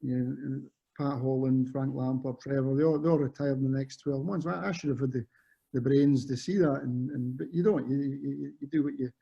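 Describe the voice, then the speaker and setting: A man's voice: medium pitch, steady tone, a little fast, creaky, mellow, breathy edge. A Scottish man in his fifties, a former footballer and guest, telling rambling stories that often correct themselves. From Scotland. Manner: rambling, self-correcting storyteller. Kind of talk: casual chat. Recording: muffled lo-fi audio.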